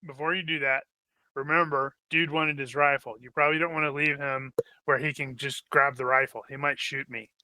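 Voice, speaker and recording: A man's voice: mid-range voice, flat delivery, bright, forceful tone. A man speaking as a player in a tabletop game, joking and chiming in. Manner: joking, quick to chime in. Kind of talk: casual tabletop play.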